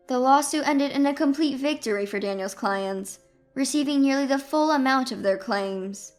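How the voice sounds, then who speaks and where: A woman narrating a first-person drama story in an even, composed storytelling manner. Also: on the high side.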